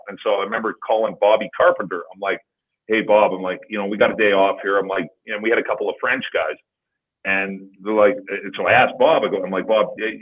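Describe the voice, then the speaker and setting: A man's voice: lowish voice, narrow, tinny audio. A man, a former hockey player, casually telling long profane stories on a podcast. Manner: profane, rambling anecdotes. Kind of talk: casual storytelling.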